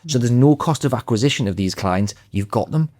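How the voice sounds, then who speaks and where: A man's voice: medium pitch, expressive, fairly quick, darkish tone, no echo. A man speaking as a podcast guest, confident and emphatic in easy conversation. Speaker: podcast guest, sales trainer. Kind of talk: podcast interview.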